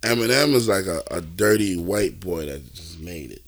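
A man co-hosting a casual podcast chat, talking in slang, halting and repeating himself. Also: sits low. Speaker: podcast co-host.

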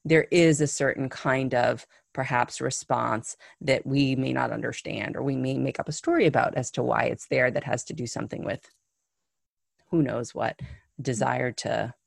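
A woman with a low voice hosts a conversational interview. Her tone is gravelly, and she thinks aloud in a reflective, searching way. The recording is close and dry. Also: fairly even intonation, normal speed, no room sound.

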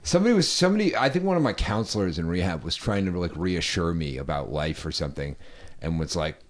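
A man co-hosting a podcast, making wry, deadpan asides in casual chat. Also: deep voice, fast. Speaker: co-host.

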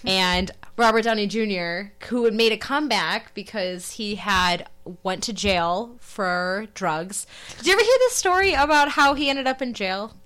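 A woman's voice: mid-range voice, animated, measured pace, fairly bright tone, smooth. A woman co-hosting a podcast in casual chat, rambling with asides and laughing often. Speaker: podcast co-host.

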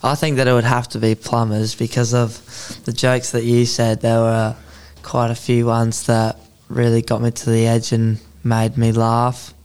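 A man's voice: mid-range voice, monotone, measured pace, few pauses, a little mellow, clean tone. A teenage man co-hosting a student podcast, reading prepared links evenly.

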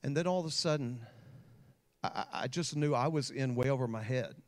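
A man's voice: medium pitch, fairly quick. A man, a pastor, preaching a sermon and telling a personal story with growing intensity. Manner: storytelling with rising emotional intensity.

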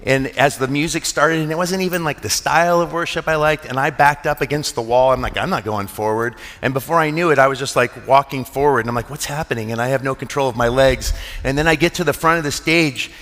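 A man's voice: mid-range voice, a little fast, fairly bright tone. A middle-aged man preaching a sermon as a pastor, in an earnest, conversational storytelling manner with frequent restarts. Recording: long hall reverb.

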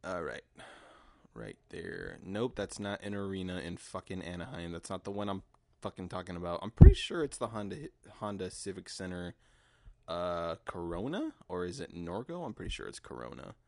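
A man with a lowish voice talks loosely through a solo podcast, rambling and swearing as he jokes along. The recording is dry and close, with no room sound around him. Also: lively intonation, moderate pace, creaky, mellow, dry recording. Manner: rambling, profane, joking. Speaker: podcast host. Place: home garage.

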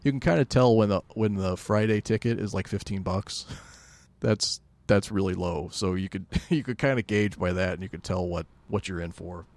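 A man co-hosting a podcast in casual chat, telling stories in a relaxed way with dry jokes. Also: low-pitched, normal speed, no echo. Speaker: podcast co-host.

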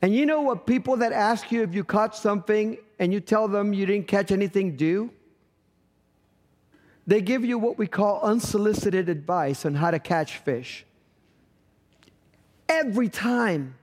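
A middle-aged man preaches in a strikingly high voice, telling a story with humorous asides. He slips into quick voices for the people in his story. His words ring out with a long reverb, as in a church sanctuary. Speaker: pastor. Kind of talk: sermon.

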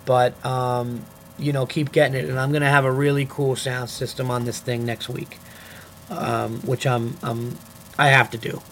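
A man's voice: medium pitch, level tone, normal speed, fairly bright tone, slight background noise. A young man hosting his own podcast, talking alone in a goofy, rambling way and swearing freely. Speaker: comedian podcast host. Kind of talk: casual solo podcast monologue.

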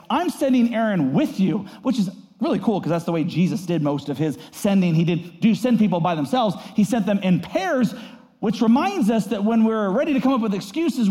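An animated male pastor who preaches in a lively, chatty way and swings his pitch freely. His voice sits high for a man but has a mellow tone. It rings out with a long reverb, as if from a large hall. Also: brisk. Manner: animated and conversational, acts out voices in quotes. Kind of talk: sermon.

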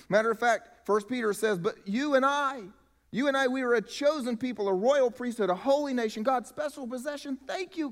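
Male pastor, high voice, emphatic sermon delivery, church hall echo. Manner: preaching with emphatic rises and drops in volume. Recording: long hall reverb.

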